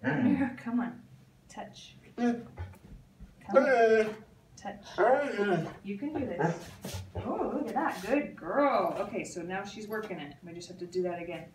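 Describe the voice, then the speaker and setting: A woman's voice: mid-range voice, lively intonation, measured pace, pauses often, noisy background. Echoey woman coaxing a dog from afar. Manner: coaxing and encouraging, repeats short cues to a dog. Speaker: dog trainer. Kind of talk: live training session with commentary to camera. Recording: echoey, from a distant camera mic.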